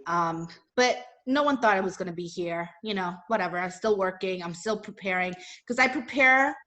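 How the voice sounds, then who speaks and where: A woman speaking as a guest at a live talk, telling a personal story in a chatty, animated way with lots of fillers. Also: mid-range voice, normal speed.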